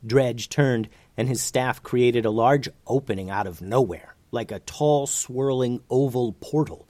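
A man reading a children's fantasy story aloud as narrator, in an expressive, animated way. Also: mid-range voice, a little slow, no echo.

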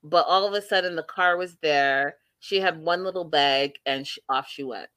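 A woman's voice: low-pitched, moderate pace, fairly bright tone, dry recording. A woman hosting a casual reality TV recap, emphatic and repeating phrases for effect. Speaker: show host.

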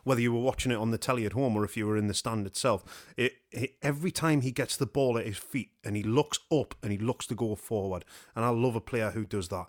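A man's voice: medium pitch, fast, few pauses, no echo, studio quality. A man hosting a casual football chat, rambling and joking with his co-hosts. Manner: jokey, laughs often, rambling. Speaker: podcast host.

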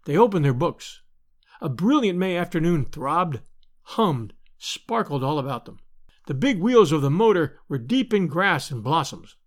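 A man's voice: fairly high pitch, sing-song, measured pace. A man narrating a classic story aloud, reading expressively and lightly voicing the characters. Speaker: narrator and podcast host.

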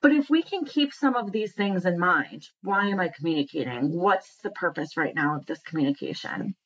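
A woman's voice: fairly low pitch, expressive, moderate pace, highs cut off. A woman talking casually and earnestly about communication, asking many rhetorical questions. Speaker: speaker on communication. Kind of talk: casual monologue.

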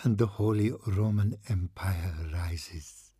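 A trembling, tearful priest warns of doom, as a man reads him aloud, in slow, hushed tones that sink into whispers. The voice is low and husky, with a dry, close sound. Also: no room sound, heavily acted. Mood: ominous.

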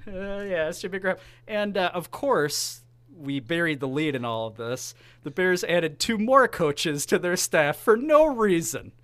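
A man co-hosting a casual sports podcast, excitable and jokey, often breaking into laughter. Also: sits high, a little slow, hardly any pauses. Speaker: podcast co-host.

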